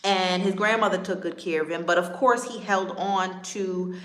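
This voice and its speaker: A woman's voice: lowish voice, steady tone, normal speed, a bit bright, roomy sound. A woman relationship coach talking on a live stream, earnest and emphatic, repeating her key points and checking in with "right?". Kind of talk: live-stream talk to viewers.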